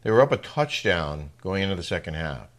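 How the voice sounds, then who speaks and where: A middle-aged man co-hosting a casual chat show, easygoing and quick to agree, often chuckling. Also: sits low, big pitch swings, fairly bright tone. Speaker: co-host.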